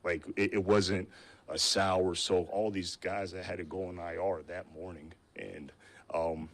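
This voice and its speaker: A man with a very low, deep voice speaks in a recorded interview clip. He talks about team personnel work in halting stretches with pauses between them. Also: little pitch movement. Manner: halting, full of fillers and restarts. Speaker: football team personnel staffer.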